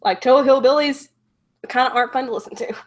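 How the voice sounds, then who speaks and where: A woman's voice: sits high, fast talker. A young woman with a Southern US accent, hosting a casual stream, laughing often and reading viewer comments. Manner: giggly, reads viewer comments. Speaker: host. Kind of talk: casual livestream chat.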